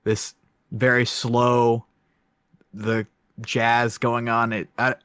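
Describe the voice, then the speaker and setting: A man's voice: mid-range voice, little pitch movement, drawn-out words, a bit bright, smooth, dry recording, clean studio sound. A man co-hosting a podcast, rambling through a film review with many fillers and self-conscious asides. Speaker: podcast co-host.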